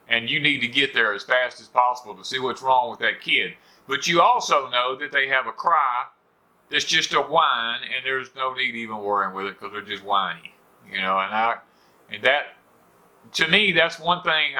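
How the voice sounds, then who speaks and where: A middle-aged homestead channel host with a Southern US accent rambles folksily to viewers from his porch at home, leaning heavily on "you know." His voice is medium-pitched, with a bright, forceful tone.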